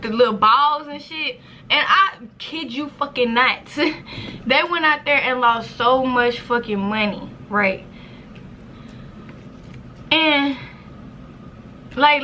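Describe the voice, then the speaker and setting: Woman in her twenties, casual storytime vlog, profane, animated, quotes in squeals, bright, slightly high. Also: a little hiss or hum. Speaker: vlogger.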